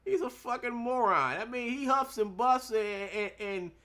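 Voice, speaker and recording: High bright-voiced man ranting and laughing. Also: expressive, normal speed. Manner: mocking, laughs often, swears a lot; mimics others in a loud put-on voice. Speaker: streamer. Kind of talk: casual rant.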